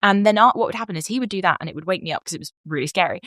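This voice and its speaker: A woman's voice: fairly low pitch, animated, very fast, a bit bright, dry recording, studio quality. Frank, playful woman comedian. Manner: frank, playful, laughs often, swears freely. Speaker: podcast guest, comedian. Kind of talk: casual podcast chat.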